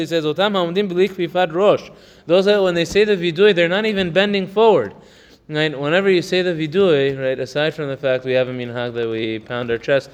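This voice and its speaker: A man teaching a religious text. He reads Hebrew passages quickly, explains them in English in a chatty way, and often asks "right?". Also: fairly high pitch, smooth, in a large hall. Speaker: Torah teacher. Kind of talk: text study lesson.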